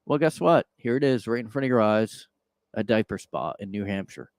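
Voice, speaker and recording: A man's voice: lowish voice, expressive, normal speed, dry recording. A man hosting a solo podcast from his own room, rambling through casual commentary in a sarcastic tone with lots of filler words. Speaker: podcast host.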